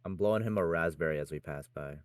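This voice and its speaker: A man playing at a tabletop game, making deadpan jokes. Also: low voice, quick pace, clean tone, no echo. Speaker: player. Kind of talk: casual chat.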